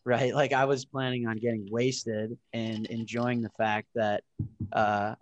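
A man in his twenties, a podcast guest, telling stories in a casual interview with lively acted-out quotes and frequent swearing. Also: mid-range voice, measured pace, muffled recording. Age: 20s. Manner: animated, profane, storytelling with acted-out quotes. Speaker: podcast guest, startup founder.

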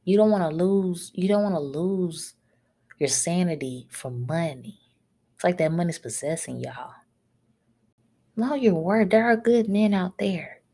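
Blunt, scolding podcast woman, low-pitched. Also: a little slow, warm tone, slightly rough. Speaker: podcast host. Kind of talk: solo podcast rant.

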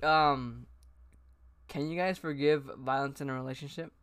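A man's voice: mid-range voice, steady tone, normal speed, a bit bright, clear, resonant tone. A young man hosting a casual podcast chat, reading questions aloud, laughing easily and swearing. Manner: giggly, loose, swearing.

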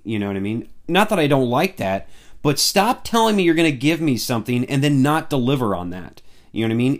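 Excitable man ranting about movies. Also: a little high. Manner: excitable, gets worked up, many fillers. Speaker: movie fan vlogger. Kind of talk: casual chat about upcoming films.

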